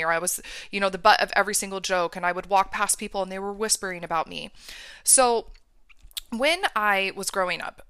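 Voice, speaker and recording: Woman host, bright tense tone, emphatic and candid, close dry sound. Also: medium pitch, smooth, dry recording. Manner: emphatic, candid, acts out remembered dialogue. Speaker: podcast host. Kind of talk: personal storytelling monologue.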